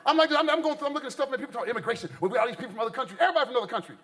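A man from the United States doing live stand-up, telling stories in an animated, exaggerated way. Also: very high voice, rapid-fire. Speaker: stand-up comedian. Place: stage before a live audience. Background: faint audience laughter.

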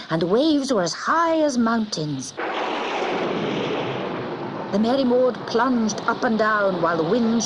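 A woman reading a children's story aloud in an expressive, dramatic way. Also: mid-range voice, noisy background.

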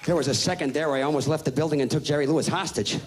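A man in his thirties doing a loud, profane stand-up rant on a live stage. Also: on the high side, rapid-fire, over a noisy crowd, heavy background noise. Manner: loud, profane, ranting, mocking voices. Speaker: stand-up comedian. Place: stage before a live audience. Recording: live stage recording with audience.

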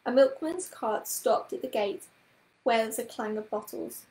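A woman's voice: a little high, normal speed, mellow. Woman reading a storybook aloud. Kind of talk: children's book read-aloud. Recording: roomy echoing room.

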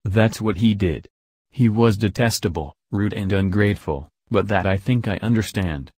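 A man's voice: fairly low pitch, moderate pace, darkish tone, breathy edge, dry recording, studio quality. A man reading the lines of an impulsive young heroine who speaks in an earnest, heartfelt way. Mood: impassioned.

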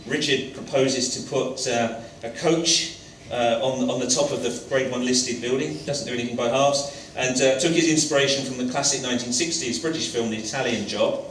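Hosting an on-stage interview in a college lecture hall, this man talks hesitantly, full of fillers and restarts. His voice is medium-pitched, a bit bright, and fairly even, at a moderate pace with hardly any pauses. A little hiss or hum sits in the roomy, distant recording.

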